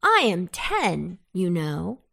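A woman's voice: fairly low pitch, huge pitch swings, slow, creaky, a bit bright, exaggerated voice. Woman doing earnest ten-year-old boy, a touch bossy, storybook read-aloud. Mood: laughing off.

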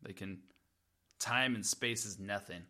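A man's voice: lowish voice, a little slow, bright, forceful tone. A man co-hosting a casual comedy podcast, bantering playfully and laughing often. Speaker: podcast co-host.

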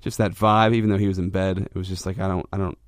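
A man's voice: low-pitched, little pitch movement, fast talker, dry recording, studio quality. A man hosting a podcast, talking candidly and self-reflectively about his own frustrations, with a rambling delivery full of restarts. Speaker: podcast host. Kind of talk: candid personal monologue.

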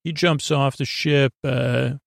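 A man hosting a podcast, casually recapping an episode in a halting way, full of fillers and restarts. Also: medium pitch, gravelly, no echo, clean studio sound. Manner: retells scenes in a flat paraphrase of the dialogue. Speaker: podcast host.

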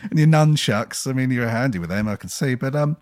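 A middle-aged man tells a story across a podcast table, his pitch swinging widely as he voices each person in it. His voice sits at an ordinary pitch and sounds dry and close. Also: a little fast, dry recording. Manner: animated storyteller acting out the people in his story. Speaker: podcast host telling a story. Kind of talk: casual anecdotal chat.

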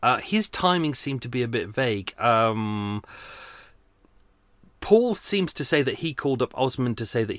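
A man's voice: fairly low pitch, fairly bright tone, no room sound. A man hosting his own podcast, chatting loosely with lots of fillers, casual swearing and self-deprecating asides, flagging in the heat. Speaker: true crime podcast host. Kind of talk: casual solo podcast monologue.

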